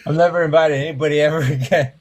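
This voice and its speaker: A young man hosting a livestream, giving relaxed, short replies over a video call. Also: a little high, rapid-fire. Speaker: livestream host. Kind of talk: casual group chat on a livestream.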